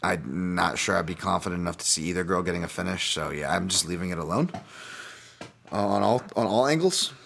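A man's voice: sits low, fairly quick, creaky, a bit bright, slight background noise. A man hosting a casual solo podcast, breaking down fights in a rambling, self-deprecating way with many fillers and restarts. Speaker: podcast host, fight analyst.

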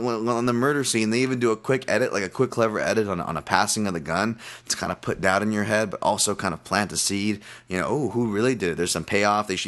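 A man hosting a fight-analysis podcast, ranting with lots of swearing and restarts, then settling into a calmer betting breakdown. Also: fairly low pitch. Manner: profane, animated ranting with many restarts. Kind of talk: casual ranting podcast talk.

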